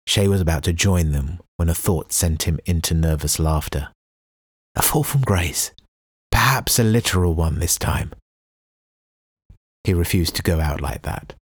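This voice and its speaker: A man reading a novel aloud as an audiobook narrator, in a measured, even storytelling delivery. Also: low voice, slightly rough, no room sound, clean studio sound. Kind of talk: scripted narration.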